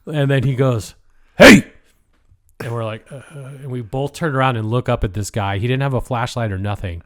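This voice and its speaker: A man's voice: mid-range voice, brisk. A young adult man with a Pacific Northwest American accent, co-hosting a podcast and telling a story in a rambling way, swearing a lot and whispering the lines he quotes. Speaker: podcast co-host. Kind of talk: casual storytelling chat.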